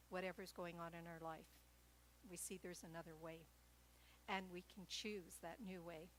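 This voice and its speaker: A woman preaching a sermon at a church service, telling stories in a gentle, light-hearted way. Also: medium pitch, a little hiss or hum, rough recording. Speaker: guest speaker at church.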